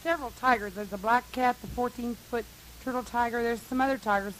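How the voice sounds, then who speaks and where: A woman telling a long, lively, profane anecdote to a group, laughing often. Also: on the high side, brisk, poor audio. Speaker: storyteller at a meeting. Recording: hissy old tape recording.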